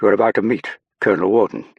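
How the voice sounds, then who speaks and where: A man's voice: on the low side, fairly even intonation, quick pace, gravelly, breathy edge, no echo, muffled recording, pitched above the performer's own voice. Guy putting on a posh english aide, clipped, impatient, dry close sound. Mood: formal. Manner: clipped and urgent.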